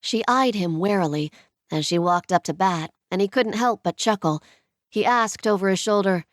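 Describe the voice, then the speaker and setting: Brief: audiobook narrator, woman, low pitch, steady scripted reading. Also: moderate pace, no room sound, clean studio sound.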